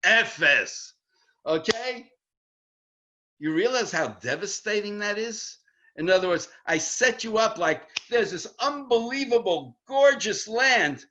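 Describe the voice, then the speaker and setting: A man, a rabbi, teaching the weekly Torah portion in an online lesson, emphatic and acting out the quotes he reads. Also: unhurried. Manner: animated, emphatic, acts out quotes with rising pitch. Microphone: video call. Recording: dull lo-fi online audio.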